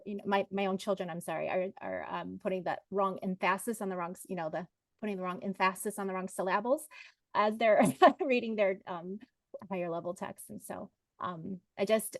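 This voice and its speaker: A woman's voice: medium pitch, dry recording. A woman in her forties, a literacy coach, introducing herself on a panel in a chatty way with many fillers and self-corrections.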